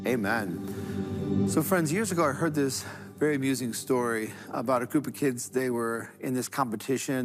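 Earnest male preacher over soft music. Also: mid-range voice. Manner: earnest, calm, repetitive preaching cadence. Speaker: Catholic preacher leading a prayer series. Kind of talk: devotional sermon with prayers and a story.

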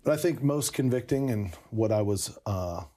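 Guy telling his story, kinda low husky voice, mellow, says you know a lot. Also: expressive, normal speed. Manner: earnest, reflective, with frequent "you know". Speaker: podcast guest telling his conversion story. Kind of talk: casual storytelling conversation.

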